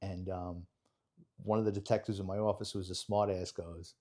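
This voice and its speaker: Middle-aged New man, ex-detective guest spinning a case story, blunt and lively. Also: low-pitched, normal speed. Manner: animated, blunt street-wise storyteller. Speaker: retired police detective, guest. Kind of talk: storytelling in a podcast interview.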